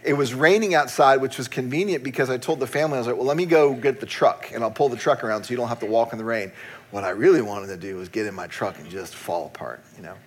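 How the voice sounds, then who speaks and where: A middle-aged man preaching from the pulpit, his voice husky and a little breathy at an ordinary pitch. He tells stories candidly and pokes fun at himself, speaking as a pastor to his congregation. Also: fast talker. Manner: candid, self-deprecating storytelling with frequent laughs. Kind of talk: sermon.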